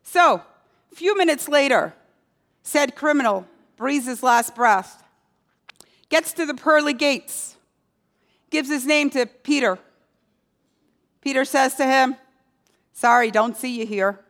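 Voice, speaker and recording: A woman preaching a sermon, telling a story slowly and letting key words fall low and quiet.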